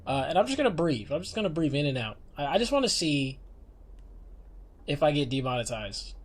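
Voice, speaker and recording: A man's voice: on the high side, very animated, fairly quick. A man streaming as a VTuber, chatting casually and playfully with his viewers in a rambling way, recorded on a binaural microphone. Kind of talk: casual live-stream chat. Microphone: binaural dummy-head microphone.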